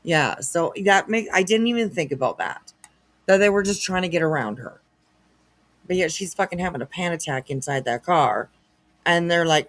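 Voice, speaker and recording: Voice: mid-range voice, animated, moderate pace, fairly bright tone. A host giving casual reaction commentary, chatty and sarcastic with laughing asides.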